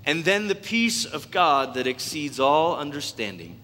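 A man's voice: on the high side, measured pace, few pauses, a little hiss or hum. A middle-aged man preaching a sermon as pastor, telling stories animatedly and acting out quotes. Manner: animated storytelling with acted-out quotes and laughs. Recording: long hall reverb.

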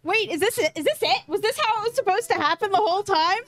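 A woman playing a tabletop game in character, talking in excited, rambling bursts. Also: extremely high pitch, fast. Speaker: player.

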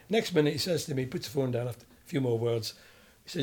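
A man's voice: mid-range voice, fast talker, hardly any pauses. Older Scottish man telling stories. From Scotland. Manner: animated storyteller, acts out quoted voices. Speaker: guest, former footballer. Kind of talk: storytelling interview.

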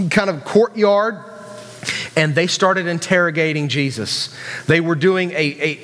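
A West Virginian man preaching in a church hall, his voice high and carrying a long reverb. He talks in a loose, conversational way, restarting sentences and tossing asides to the room. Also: a bit bright. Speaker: youth pastor. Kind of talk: sermon.

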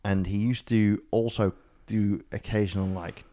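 This Australian man co-hosts a casual podcast, telling a joke in pub-style banter. His voice sits on the low side with a steady, dark tone, and he's unhurried, rambling through the story with lots of fillers and hearty laughs.

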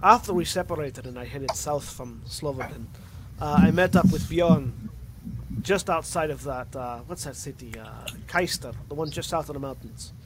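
A man's voice: a little high, moderate pace, very noisy, close to an everyday voice. A man voicing a stern male dwarf blood hunter with a Scottish accent that slips toward Russian. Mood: grim. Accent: Scottish drifting into Russian.

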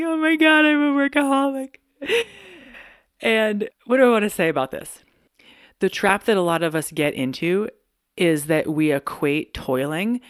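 Brief: candid, chatty solo podcast host, mid-pitched voice, close and dry. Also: no room sound. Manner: chatty and candid, laughs often.

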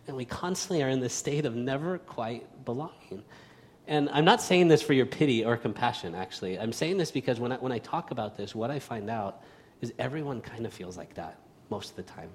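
Male pastor, mid-pitched, relaxed and self-mocking sermon delivery, echoing church hall. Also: brisk. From United States, raised in Spain. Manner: casual, self-deprecating, many fillers and restarts.

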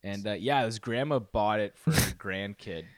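A man's voice: fairly low pitch, normal speed, no echo. A man co-hosting a casual comedy podcast, making wry joking asides. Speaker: podcast co-host.

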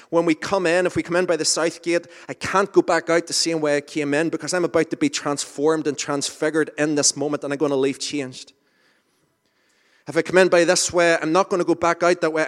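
A man preaching an informal sermon in a conversational, self-deprecating way, with asides and restarts. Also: on the high side. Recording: reverberant hall.

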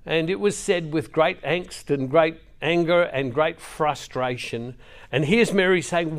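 Emphatic middle-aged male preacher, fairly high voice. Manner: storytelling, emphatic, with slow dramatic pauses. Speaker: Catholic preacher. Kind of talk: scripture reading and sermon.

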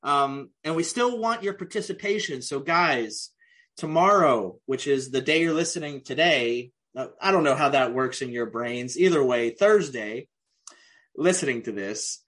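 A man's voice: mid-range voice, animated, unhurried, fairly bright tone. A man co-hosting a casual podcast, joking, laughing often and drifting into tangents. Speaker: podcast co-host. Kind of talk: casual chat.

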